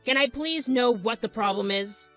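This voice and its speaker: A woman voicing a calm, polite restaurant manager with a formal, placating manner. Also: a little high, normal speed, soft background music, close to an everyday voice.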